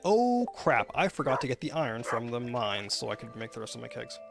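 A man's voice: mid-range voice, sing-song, fairly quick, creaky, a bit bright, soft background music. A man with a Canadian accent streaming a game live, rambling and chatting with viewers through lots of fillers and restarts. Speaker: gaming livestreamer.

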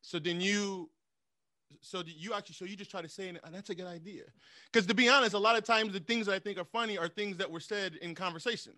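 A male podcast host chatting casually with a guest, relaxed, often answering with "right, right.". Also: high-pitched, fast, no room sound, studio quality. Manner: relaxed, frequent "right, right" acknowledgements.

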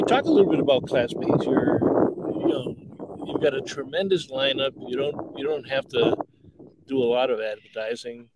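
A man's voice: mid-range voice, noisy background. A man hosting a casual show over a video call, chatty and teasing his guests. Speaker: host. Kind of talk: casual chat.

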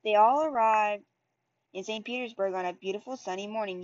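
A woman reading a storybook aloud, halting and restarting over words. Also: medium pitch. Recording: dull lo-fi recording.

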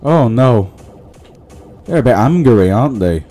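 A man's voice: mid-range voice, expressive, a little slow, warm tone, faint music behind. A man giving casual let's-play commentary, muttering a running narration of what he does to himself and his viewers. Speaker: gaming channel host.

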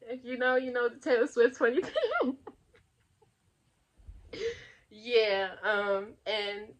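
A woman's voice: fairly high pitch, slow pace. A young woman vlogging to camera in casual, rambling chat, laughing often and talking with lots of fillers.

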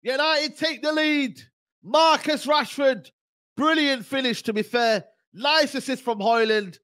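A man's voice: very high-pitched, slow, pushed and bright. A man reacting live to a football match, laughing and mocking with crude banter. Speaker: football fan.

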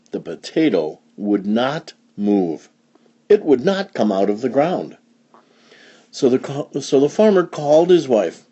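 A man reading a picture book aloud for young learners, animated, with big jumps in pitch for emphasis. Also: a little slow, husky, highs cut off. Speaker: storybook reader.

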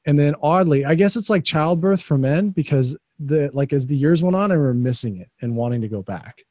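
A man hosting a podcast, giving opinionated, animated commentary in casual chat. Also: fairly high pitch, fairly quick, dry recording. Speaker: podcast host.

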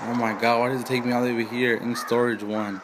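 A man's voice: mid-range voice, level tone, quick pace, loud music behind the voice. A man casually commenting on a mobile game, reading its dialogue aloud with fillers and asides. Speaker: gaming channel host.

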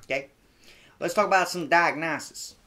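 A male comedy podcast host who reads from his notes with emphatic, theatrical delivery. His voice sits at a middling pitch. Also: brisk.

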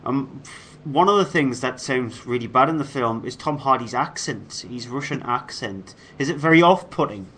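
A man co-hosting a film review show, presenting reviews in a casual, measured way with fillers. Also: mid-range voice, animated, sharp tone, slight background noise.

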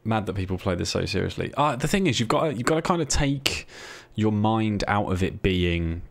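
A man talking low and gravelly while he streams a role-play game. He rambles and jokes, swearing freely and breaking off to thank his viewers. His talk is loose and offhand. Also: lively intonation, moderate pace. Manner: joking, sweary, rambling asides to chat. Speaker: streamer playing a police recruit. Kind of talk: casual streaming commentary.

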